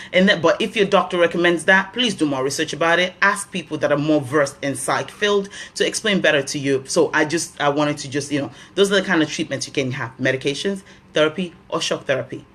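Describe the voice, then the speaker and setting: A woman's voice: deep voice, fairly bright tone. A woman with a Nigerian accent hosting a health talk, giving earnest advice and repeating key phrases for emphasis.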